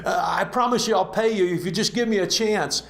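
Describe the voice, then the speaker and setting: A man's voice: sits high, brisk, a bit bright, voice pushed up. A man doing a desperate, begging debtor. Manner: pleading, then harsh. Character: desperate grovelling male debtor. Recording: roomy echo.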